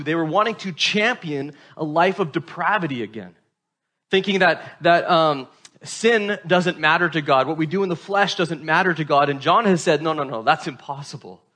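Man, pastor, sermon, conversational, slightly high voice. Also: bright, forceful tone. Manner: conversational preaching with frequent "right?" asides.

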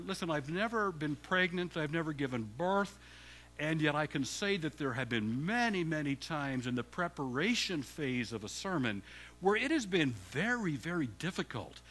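A man's voice: a little high, sing-song, moderate pace. An older man from Canada, a guest preacher who opens his sermon by joking with the congregation. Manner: warm joking banter with the congregation. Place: church sanctuary.

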